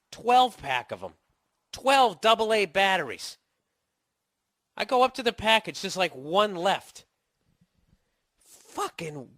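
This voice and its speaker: A man's voice: high voice, a bit bright, dry recording, clean studio sound. A man hosting a podcast, talking in a casual comedic rant full of profanity and sarcastic mock insults. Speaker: podcast host.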